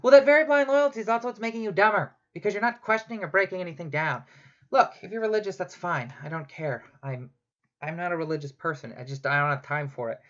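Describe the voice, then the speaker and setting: A woman with a lowish voice talks fast through a profane, rambling comedy rant loaded with sarcasm. She's a comedic ranter and show host, captured on a dull, lo-fi home recording.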